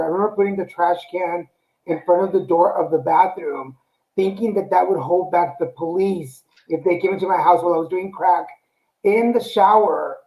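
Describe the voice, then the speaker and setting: A man hosts a live stream interview in a notably high voice. He speaks earnestly, stumbling over "uh" and repeated words. An echoey room colors the sound. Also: darkish tone. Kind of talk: interview talk.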